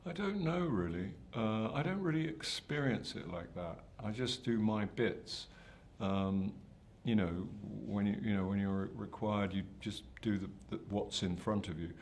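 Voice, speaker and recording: At a press junket, an older actor responds to interview questions with hesitation, self-deprecation, and frequent restarts. His lowish, slightly mellow voice is unhurried yet hardly pauses, and a little hiss or hum is audible.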